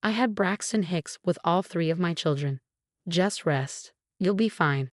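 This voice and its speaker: A cold, smooth-talking mother-in-law who brushes everyone off with icy calm, as a woman narrator reads her. The voice sits low and is heard close and dry, in a storybook reading. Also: a little slow, dry recording, lightly acted.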